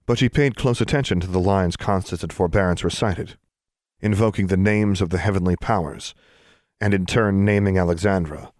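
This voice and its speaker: A man narrating a fantasy novel audiobook in a calm, even reading. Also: low-pitched, moderate pace, no room sound, studio quality. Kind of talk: scripted narration.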